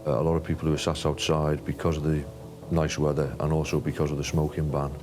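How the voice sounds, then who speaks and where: Very deep flat-voiced man. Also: fast, over music. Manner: flat, factual recounting. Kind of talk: documentary interview.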